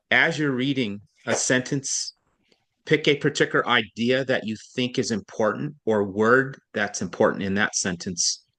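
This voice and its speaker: A man's voice: medium pitch, a bit bright. A male reading tutor speaks in a mid-range voice over a computer microphone during a one-on-one online lesson. He explains patiently and step by step, thinking aloud and correcting himself as he goes.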